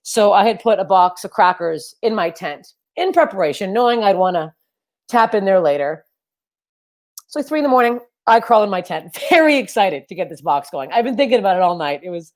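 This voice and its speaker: A young woman with a low, deep voice, performing a loud, energetic, self-deprecating stand-up set over a webcam. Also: brisk. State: sweaty and overheated. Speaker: stand-up comedian. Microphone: webcam for a virtual show.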